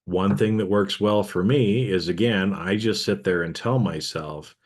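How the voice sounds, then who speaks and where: A middle-aged man hosting a podcast, talking casually and reflectively, often checking in with listeners with a quick "okay?". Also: sits low, slightly rough. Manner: conversational, frequent "okay?" check-ins with listeners. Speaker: podcast host.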